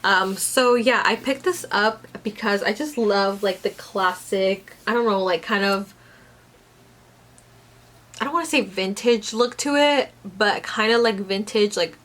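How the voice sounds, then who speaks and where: A woman's voice: medium pitch, fairly bright tone. A young woman chatting casually about her book haul, rambling with lots of fillers and self-corrections. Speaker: book vlogger.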